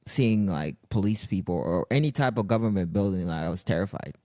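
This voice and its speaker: A young man from Egypt, a comedian guest on a podcast, chatting in a relaxed, laid-back way. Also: deep voice, a little fast, no echo, studio quality. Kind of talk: casual chat.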